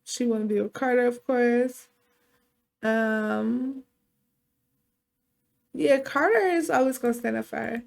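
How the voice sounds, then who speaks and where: A woman's voice: a little high, slow pace, creaky, long pauses, darkish tone. A woman giving casual, chatty let's play commentary on a life-simulation game, slangy and a bit profane. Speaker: gaming channel host.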